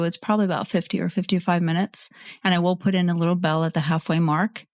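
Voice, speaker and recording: A woman's voice: lowish voice, level tone, quick pace, darkish tone, dry recording. A woman hosting a podcast from her studio, chatting casually and poking fun at herself. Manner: chatty and self-mocking, laughs easily. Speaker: podcast host. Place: indoor studio at her computer.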